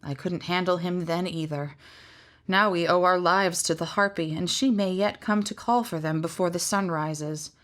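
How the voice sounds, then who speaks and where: A woman's voice: fairly low pitch, normal speed, fairly bright tone, lightly acted. A woman voicing a tall, wry male magician in a storybook reading, speaking with proud, theatrical flourish. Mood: grim.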